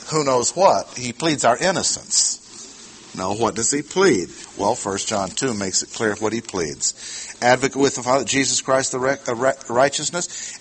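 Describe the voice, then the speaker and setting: A man teaching a sermon verse by verse, slow and deliberate, repeating his key words. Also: medium pitch, a bit bright, a little hiss or hum. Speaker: preacher. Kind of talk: expository Bible teaching.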